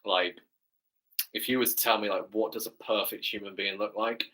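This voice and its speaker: Man, English accent, fitness coach, live stream chat, enthusiastic, slightly low pitch, bright forceful tone. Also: steady tone, moderate pace. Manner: enthusiastic, chatty, keeps adding "right?".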